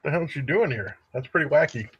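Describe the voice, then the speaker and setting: A man's voice: a little high, expressive, fast talker, fairly bright tone, highs cut off, a little hiss or hum. A man on a livestream, throwing in profane, laughing asides to his friends. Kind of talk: casual livestream chat.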